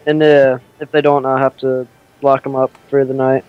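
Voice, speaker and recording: Man, tabletop player, hesitant, frequent restarts, smooth voice, dull lo-fi call audio. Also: medium pitch, little pitch movement, moderate pace. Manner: hesitant, restarts often while declaring actions. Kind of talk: in-character tabletop play.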